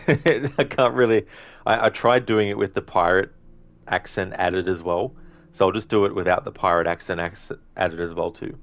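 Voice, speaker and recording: A man with a deep, low-pitched voice talks through a live gameplay stream. He chats easily with viewers, reads their messages and thanks them, often pausing on an um or correcting himself partway through a sentence. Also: fairly even intonation, fairly bright tone. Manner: frequent ums and self-corrections. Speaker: livestreamer. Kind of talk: casual live game-stream commentary.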